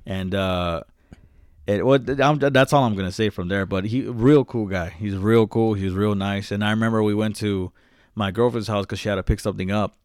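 A man's voice: fairly low pitch, fairly even intonation, normal speed, clear, resonant tone, dry recording, studio quality. A young man telling a long story in casual chat, rambling and swearing, calling his friend "bro".

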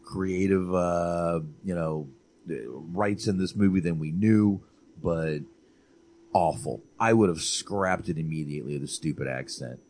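A man co-hosting a casual movie chat, animated, swearing and repeating himself for emphasis. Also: deep voice, unhurried. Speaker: podcast co-host.

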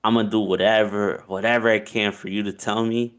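A man casually telling a long personal story, animated and profane, acting out what people said. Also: lowish voice, brisk, smooth. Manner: animated, profane, acts out quotes with laughs.

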